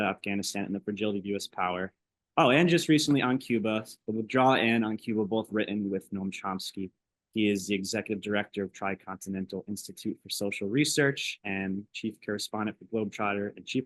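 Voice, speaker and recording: A young man moderating a public talk for the first time, speaking in a nervous, halting way with many ums and uhs. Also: fairly low pitch, no echo, rough recording. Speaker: event moderator. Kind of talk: public talk introduction and questions.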